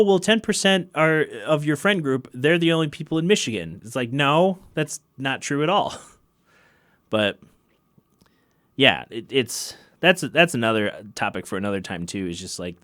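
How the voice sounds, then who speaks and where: A man hosting his own podcast, chatting in a rambling, wry way and laughing often. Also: medium pitch. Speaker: podcast host and musician. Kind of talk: casual solo podcast chat. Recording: loud keyboard music under the voice.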